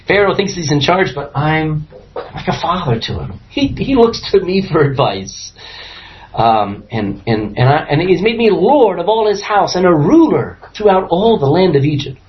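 A man with a slightly high voice teaches a Bible study at a normal pace, reading passages aloud and playing the characters with laughter and animation. The audio is a dull, lo-fi room recording.

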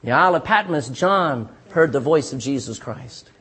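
A man's voice: mid-range voice, lively intonation, normal speed, slightly rough. A man preaching a sermon in a folksy, emphatic way. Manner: folksy, emphatic preaching with sudden loud bursts and chuckles.

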